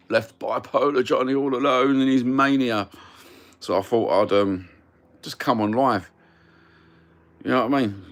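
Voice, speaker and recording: Low gravelly Cockney man chatting. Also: fairly bright tone. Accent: Cockney London. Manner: rambling, cheeky, swears freely. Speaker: livestream host. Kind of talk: casual live-stream chat.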